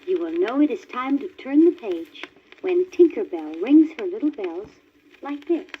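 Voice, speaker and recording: Storybook lady on an old read-along record, bright lively voice, dull crackly vinyl. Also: fairly high pitch, normal speed. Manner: clear, animated reading aloud. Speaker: story reader. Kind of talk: scripted storybook narration.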